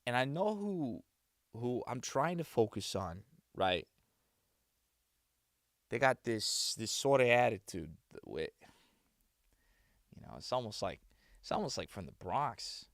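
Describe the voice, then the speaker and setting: A man's voice: medium pitch, big pitch swings, slow pace, pauses often, no echo, clean studio sound. A man streaming casually, muttering to himself and thinking aloud as he rehearses voice-over reads. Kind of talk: casual livestream talk.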